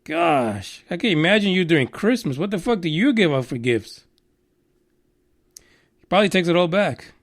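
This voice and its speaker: High-voiced, foul-mouthed ranting man. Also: sing-song, normal speed, pauses often. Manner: profane, sarcastic, blunt. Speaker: podcast host. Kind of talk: ranting news commentary.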